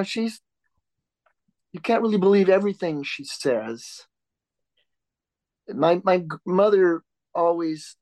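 An older man speaks in a reflective, storytelling way, often restarting his sentences. His voice sits a touch higher than most men's. The recording is dry and close, with no room sound. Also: a little mellow, dry recording. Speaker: author and interview guest. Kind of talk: conversational interview.

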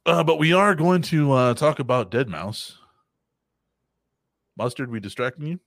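Animated, profane male podcast host. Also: mid-range voice, moderate pace, vocal fry, dry recording, clean studio sound. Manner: laughing, profane, animated storytelling. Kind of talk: casual chat.

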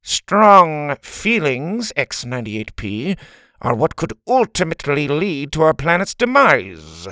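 A man's voice: fairly high pitch, huge pitch swings, takes it slowly, sharp tone, no echo, clean studio sound, pitched above the performer's own voice, full character voice. A man voicing a cold, nasal alien school principal who lays down the rules. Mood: stern. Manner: cold, commanding. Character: stern, emotionless alien female principal.

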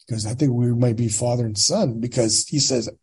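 Older California man telling his story in husky tones. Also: medium pitch, fairly quick. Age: 60s. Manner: animated storyteller, acts out quoted dialogue; plain-spoken, casual. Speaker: guest. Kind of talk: casual storytelling.

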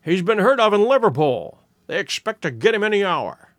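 A man voicing an eager, sharp male detective who makes brisk, emphatic deductions in an audiobook reading. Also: high voice, very animated, no echo, studio quality, pitched above the performer's own voice. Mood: breezy.

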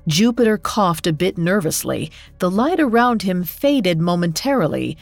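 A woman narrating a myth as scripted storytelling, in a slow, measured way. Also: fairly low pitch, sing-song, creaky, no room sound. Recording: dry studio with faint music.

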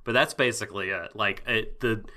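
Bright, low-pitched male podcast host. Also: moderate pace. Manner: jokey, rambling with many fillers. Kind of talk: casual chat.

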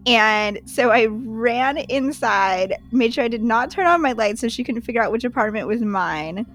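A young woman telling a dating story in a chatty, animated way, full of fillers. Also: on the high side, moderate pace. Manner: chatty, full of "like" and "you know"; animated, laughs while telling. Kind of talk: casual storytelling.

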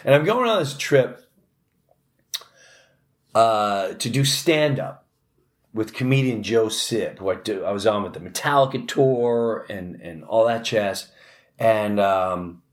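A middle-aged man, a comedian, telling a long personal story in an animated, restless way with many restarts and asides. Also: lowish voice, takes it slowly. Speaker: comedian host. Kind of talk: comic storytelling.

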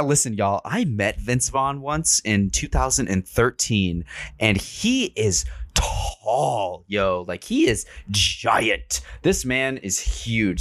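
A young man with a low voice recaps a film in a campy, slangy style full of swearing. His talk is loose and chatty. The sound is dry and close to the mic. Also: a bit bright, no room sound. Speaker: podcast host. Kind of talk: casual movie recap.

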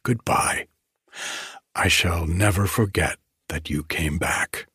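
A man reading as a hushed, haunted English gentleman. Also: sits low, breathy edge, dry recording, studio quality, exaggerated voice. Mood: restrained. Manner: hushed, halting, with careful restraint. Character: haunted, self-loathing English gentleman, tender and broken. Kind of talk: audiobook reading.

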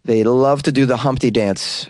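A man's voice: mid-range voice, fairly even intonation, normal speed, a little mellow, dry recording, clean studio sound. Sarcastic man riffing on news. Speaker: comedy news host. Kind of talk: comedic news commentary.

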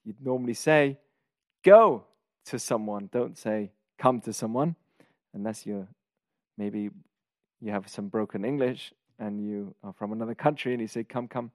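A man's voice: fairly low pitch, normal speed, no room sound, studio quality. A man hosting a podcast, giving a casual spoken Torah lesson, explaining Hebrew terms and asking rhetorical questions along the way. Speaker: podcast host teaching weekly Torah portion.

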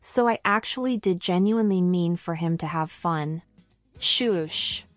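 A woman's voice: on the low side, moderate pace, no room sound, soft background music. A woman leaving a voice message, telling a story about her husband in a matter-of-fact, dry way. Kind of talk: recounting anecdote.

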